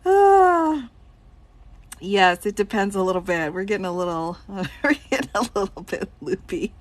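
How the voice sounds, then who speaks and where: On a laid-back live stream, a woman attorney takes viewer questions from the chat, reads them aloud, and answers through plenty of giggles. Her medium-pitched voice swings widely in pitch, and she never hurries.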